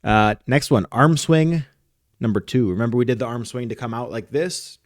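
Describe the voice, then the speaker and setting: This podcast co-host, a soccer coach, walks through technique while showing how it's done, keeping things casual and instructional. He talks at normal speed in a mid-range voice, and the studio sound is clean and echo-free.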